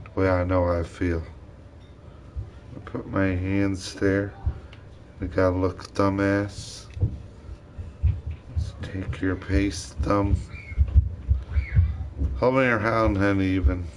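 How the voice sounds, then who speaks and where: A man's voice: low voice, level tone, takes it slowly, long pauses, slight background noise. A man talking alone in a rambling vlog monologue, swearing often and drifting between thoughts. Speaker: vlogger.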